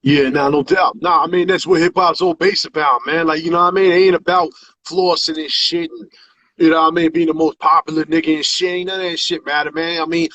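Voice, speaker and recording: A man's voice: a little high, fairly even intonation, a little fast, bright, forceful tone, dry recording. A man hosting a casual hip hop interview, laid-back and full of slang and fillers. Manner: laid-back slang, many fillers and "you know what I mean". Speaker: interviewer host.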